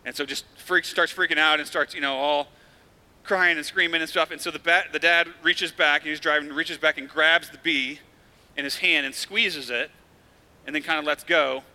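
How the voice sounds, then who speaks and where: A man's voice: on the high side, steady tone, moderate pace, pushed and bright. A male pastor giving a sermon in a church, speaking earnestly and conversationally, with rising emphasis.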